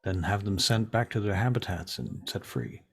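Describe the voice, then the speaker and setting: A man's voice: fairly low pitch, animated, normal speed, slightly rough. A man running a tabletop role-play game as game master, talking casually and swearing freely.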